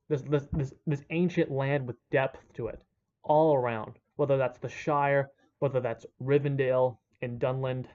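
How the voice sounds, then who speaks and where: A man's voice: mid-range voice, darkish tone. A man hosting a gaming channel, talking in a casual, enthusiastic monologue that rambles, swears and is full of restarts. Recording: dull lo-fi recording.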